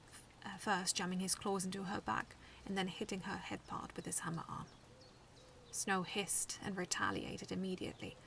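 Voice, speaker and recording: Female author narrating her own story; hushed and gravelly, distant mic, faint background noise. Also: mid-range voice. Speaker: fan fiction author reading aloud. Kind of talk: first-person story reading.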